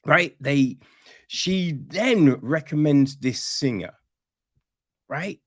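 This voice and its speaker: A man's voice: fairly high pitch, animated, extremely slow, pauses often, dry recording, clean studio sound. A man reviewing a film on a podcast in a casual, sarcastic rant, swearing freely and rambling with restarts. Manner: rambling with restarts and "you know what I mean".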